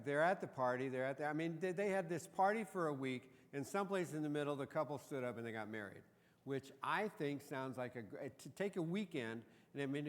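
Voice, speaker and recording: Joking pastor in a reverberant church. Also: male voice, on the high side. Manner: joking, conversational storytelling. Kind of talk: sermon. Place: church sanctuary.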